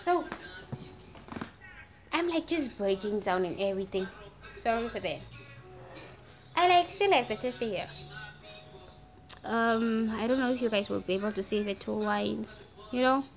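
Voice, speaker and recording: A nineteen-year-old woman from Namibia with a Namibian accent, telling a story in a casual, animated vlog and slipping into Afrikaans slang. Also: fairly high pitch, unhurried, pauses often. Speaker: vlogger. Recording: dull lo-fi sound with faint music.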